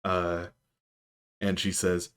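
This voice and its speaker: A man narrating as game master of a tabletop game, in a calm, measured way. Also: sits low, smooth.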